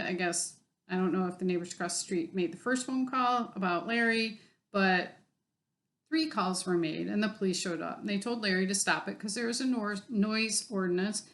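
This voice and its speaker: A woman in a casual vlog, talking bluntly and with plenty of profanity. She sounds exasperated and fed up as she tells her story, pitched at a middling level. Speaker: vlogger.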